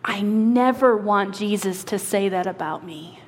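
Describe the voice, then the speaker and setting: A woman lead pastor preaching a sermon and reading scripture, earnest and slowing for emphasis, with quick asides. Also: mid-range voice, slight background noise. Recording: long hall reverb.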